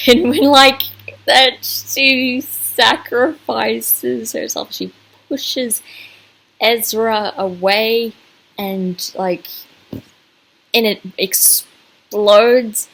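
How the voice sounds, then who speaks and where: A woman talks straight to her camera in a casual fan review, gushing over what she watched. She rambles and restarts, stacking up fillers as she goes. Her voice sits at an ordinary middle pitch. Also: poor audio.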